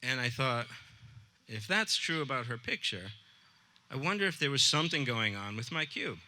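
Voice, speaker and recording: A man, an art teacher, telling a personal story to a live audience in a relaxed, conversational way. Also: mid-range voice, moderate pace, a little hiss or hum. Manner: conversational, acts out dialogue with voices.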